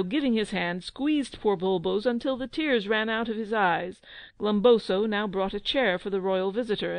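A woman narrating a children's audiobook with measured, expressive storytelling. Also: medium pitch, dry recording.

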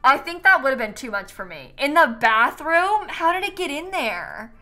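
A woman's voice: high-pitched, very animated, brisk, pushed and bright, faint music behind. A young woman from Florida, a streamer chatting casually while she plays, rambling and laughing often. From Florida, USA. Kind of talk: casual chat while playing a game.

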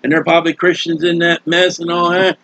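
A man's voice: little pitch movement, fast talker, vocal fry, bright, forceful tone, no echo. A man preaching a sermon in a folksy, scolding way. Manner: folksy, scolding, acts out quoted voices. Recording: dull, dry, low-fidelity recording.

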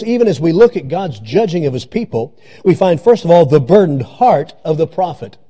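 A man's voice: a little high, dark tone. A male pastor preaching a sermon in a church, repeating and stressing his phrases. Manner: repetitive, emphatic preaching. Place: church sanctuary.

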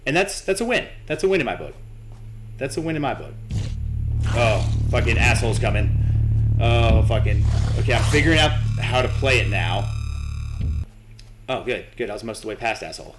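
A man's voice: mid-range voice, sing-song, fast talker, pauses often, music in the background. A young man commentating his own horror game playthrough, nervous, swearing and talking to himself and to the game. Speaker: gaming channel host.

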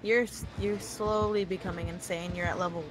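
A woman chatting casually while playing a co-op game, laughing often and shouting urgent directions to her partner. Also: fairly low pitch, steady tone, fairly quick, over music. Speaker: gaming channel co-host. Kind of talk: casual co-op gaming chat.

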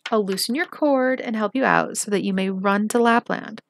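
Fierce little robber girl, blunt and bossy, gravelly edge, read by a woman. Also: medium pitch, normal speed, dry recording, clean studio sound, natural voice. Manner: blunt, commanding.

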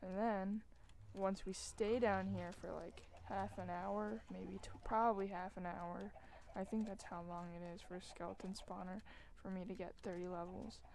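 A woman hosting a gaming video, chatting casually as she plays. She mocks herself and breaks into loud, excited exclamations. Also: mid-range voice, normal speed, creaky, few pauses, slight background noise. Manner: excitable, self-mocking, bursts into loud exclamations. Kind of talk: casual gameplay commentary. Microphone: desk microphone while gaming.

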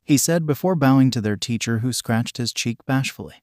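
A man narrating a fan fiction story in a steady, even reading voice. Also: mid-range voice, a little fast, no room sound, clean studio sound. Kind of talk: fanfic audiobook reading.

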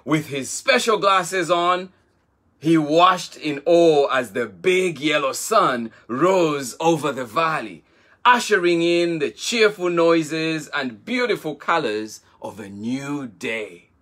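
A man reading a children's picture book aloud, taking his time over each phrase. His voice is bright and lively, rising and falling expressively to keep young listeners hooked. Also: on the high side. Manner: slow, expressive read-aloud. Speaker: storyteller.

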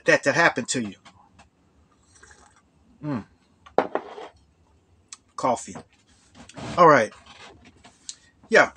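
A man from Chicago hosting his own channel, telling a true story casually in a rambling way with many halting restarts and "you know"s. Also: on the high side, sharp tone.

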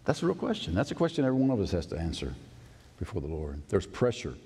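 A man's voice: low-pitched, wildly swooping pitch, quick pace, warm tone, slightly rough. A male pastor preaching a sermon, emphatic and conversational, often asking the congregation questions. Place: church sanctuary. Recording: long church reverb.

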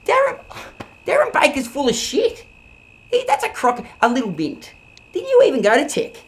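A woman playing a loud, brash male Australian bogan junk seller who rants crudely in a comedy film. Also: a little high, wildly swooping pitch, fairly quick, a little hiss or hum. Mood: ranting. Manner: bossy, ranting and crude. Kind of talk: low-budget comedy film acting.

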